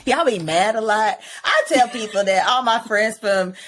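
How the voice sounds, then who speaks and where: A woman's voice: on the high side, normal speed, a bit bright, a little hiss or hum. Blunt joking woman podcast host. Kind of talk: casual chat. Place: Atlanta.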